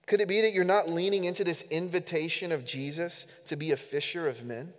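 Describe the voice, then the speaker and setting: Male pastor, high-pitched, earnest emphatic sermon delivery; long church reverb. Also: steady tone, brisk. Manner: earnest, emphatic preaching, addressing the congregation directly. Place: church sanctuary during a service. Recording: echoey hall with long reverb.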